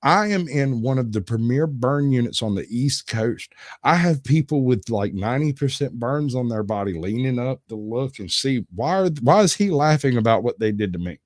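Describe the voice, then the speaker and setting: A man's voice: medium pitch, animated, moderate pace, darkish tone, no echo, clean studio sound. A man hosting a livestream, telling rambling stories and giggling often as he goes. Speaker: livestream host. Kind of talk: casual storytelling chat.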